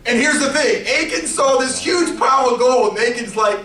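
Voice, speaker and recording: Animated man preaching to youth. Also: extremely high pitch, moderate pace, hardly any pauses, reverberant, distant mic, rough recording. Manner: animated storytelling with playful character voices. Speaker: youth pastor. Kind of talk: youth sermon.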